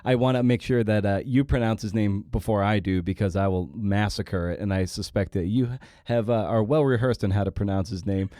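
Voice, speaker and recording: A man hosting a podcast interview, asking long questions in a halting, hesitant way. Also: fairly low pitch, fairly even intonation, mellow, no echo, clean studio sound. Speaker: podcast host. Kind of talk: conversational interview.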